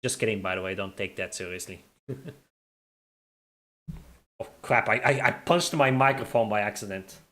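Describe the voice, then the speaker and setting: A man's voice: lowish voice, normal speed, pauses often, sharp tone. Joking young man streaming live. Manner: jokey, laughs often, teasing viewers; stumbles and repeats words. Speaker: streamer reading chat. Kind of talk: casual live-stream chat.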